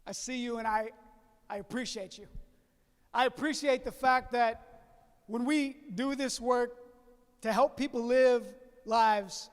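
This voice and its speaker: High-voiced man in a big hall. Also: fairly even intonation, unhurried, long pauses, clean tone. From Southeast Louisiana. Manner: folksy, addresses audience as y'all. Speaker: keynote speaker. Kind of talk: storytelling keynote speech. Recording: reverberant hall.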